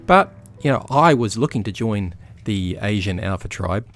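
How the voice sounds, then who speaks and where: A man's voice: fairly low pitch, expressive, normal speed, a bit bright. A man giving blunt, chatty commentary over his gameplay, with the odd swear word. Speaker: gaming YouTuber. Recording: background game music.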